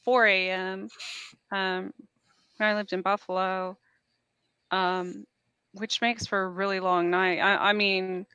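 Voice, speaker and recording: A woman co-hosts a casual chat, dropping in short comments at a slow, easy pace. Her voice is smooth and clean, recorded close and dry. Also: medium pitch, little pitch movement, sharp tone, no room sound, dull audio. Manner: unhurried, chiming in with short remarks and laughs.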